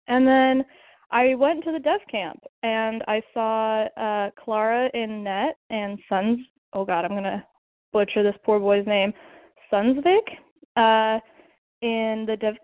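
A woman's voice: mid-range voice, no room sound. Chatty young woman on a tinny phone message. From Southern California. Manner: chatty, with many likes and ums. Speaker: fan sending in a message. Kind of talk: recorded voice message.

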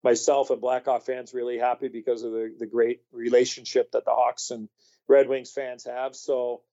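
A man's voice: mid-range voice, level tone, normal speed, mellow, muffled recording. A man telling a story as a guest in an interview, rambling with many fillers and restarts. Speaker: guest, former hockey player.

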